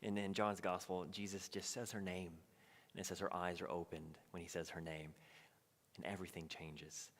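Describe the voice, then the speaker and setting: A man teaching a midweek Bible study, telling the story with animated energy. He slips into the voices of its people as he goes. His voice rings with a long reverb in a church hall. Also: on the low side. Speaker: pastor.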